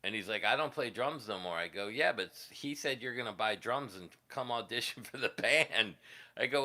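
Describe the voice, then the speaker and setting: A man's voice: mid-range voice, expressive, moderate pace, pushed and bright. A man hosting a casual livestream, telling rambling, profane stories from his years as a musician and laughing at them. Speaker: livestream host, guitarist.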